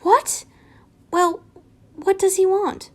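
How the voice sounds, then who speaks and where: A woman's voice: extremely high pitch, steady tone, slow, a little mellow, voice pushed up. A woman reading fan fiction aloud, voicing a playful, protective young male wizard in her own voice. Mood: tender.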